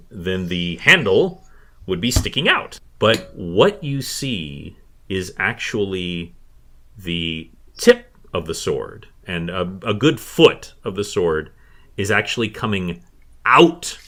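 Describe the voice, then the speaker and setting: A man's voice: sits low, a bit bright. A man narrating as game master of a tabletop fantasy game, with many hesitations and fillers.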